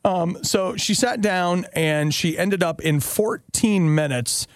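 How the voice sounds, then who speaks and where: A middle-aged man co-hosting a talk show, bantering playfully and telling stories with animated teasing. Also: high-pitched, slow, no echo, studio quality. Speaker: co-host.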